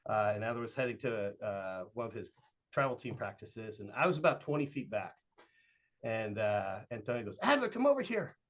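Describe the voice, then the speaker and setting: A man's voice: fairly low pitch, moderate pace. A middle-aged man from Southern Oregon tells a long story as a guest on a podcast. He is a youth baseball coach. His speech wanders, full of "uh" and "like" and acted-out snippets of dialogue, and the recording sounds slightly dull and lo-fi. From Southern Oregon, USA. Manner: rambling, with frequent "uh" and "like", acting out quoted dialogue.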